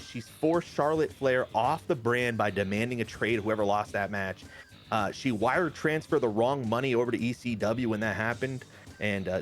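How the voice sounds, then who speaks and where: Excitable young man joking through game play. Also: medium pitch. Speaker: game commentator. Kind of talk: casual game commentary.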